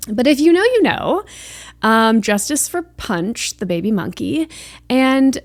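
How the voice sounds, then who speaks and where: A woman's voice: on the high side, sing-song, a little slow, no echo. A young woman hosting a podcast, chatting casually and emotionally, gushing with lots of fillers. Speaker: podcast host. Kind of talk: casual chat.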